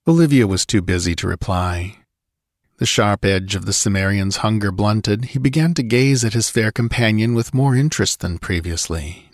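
A man narrating a story aloud in a measured storytelling manner, recorded close to the mic. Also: on the low side, no room sound. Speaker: audiobook narrator. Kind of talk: scripted narration.

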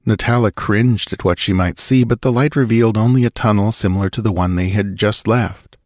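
A man narrating an audiobook in a measured, even storytelling manner on a close mic. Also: lowish voice, dry recording. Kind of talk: scripted narration.

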